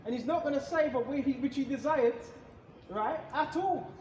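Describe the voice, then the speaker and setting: Man preacher, very high voice, emphatic and repetitive, echoey room. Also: moderate pace, a little mellow, a little hiss or hum. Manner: emphatic, repetitive, rhetorical questions. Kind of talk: street-style scripture teaching.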